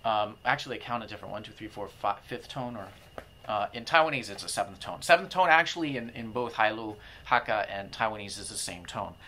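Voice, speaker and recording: A man's voice: lowish voice, lively intonation, brisk, bright, forceful tone, slight background noise. A man giving an informal video lesson on spelling systems, thinking aloud and demonstrating vowel and tone sounds as he explains. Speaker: language-learning company founder explaining pronunciation.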